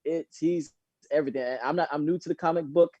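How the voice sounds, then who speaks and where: A man in casual chat on a phone call, animated and slangy, laughing often. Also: on the high side, fast, no room sound. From Florida. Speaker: guest dancer.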